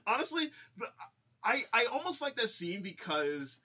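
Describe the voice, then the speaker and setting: A man's voice: very high voice, sing-song, normal speed, sharp tone. A man co-hosting a podcast, recapping a film in casual chat, stumbling and restarting his words often. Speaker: podcast co-host. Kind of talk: casual movie-review chat. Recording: dull lo-fi podcast audio.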